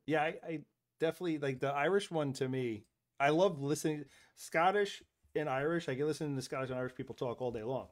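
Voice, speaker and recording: A man's voice: on the high side, fast talker. Laughing man in casual chat. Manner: jokey, laughs often.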